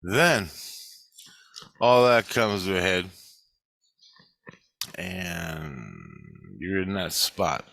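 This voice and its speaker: A man's voice: deep voice, animated, very slow, vocal fry, long pauses, a bit bright, no room sound. A middle-aged man rambling through a blunt, profane personal monologue about his spiritual life. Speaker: spiritual vlogger.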